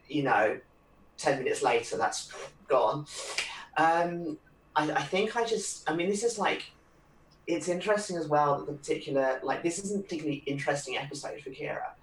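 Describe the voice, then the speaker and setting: A man in a casual discussion, talking in a rambling way with many fillers and plenty of enthusiasm. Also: fairly high pitch. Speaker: panelist. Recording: roomy sound from a distant mic, faint noise.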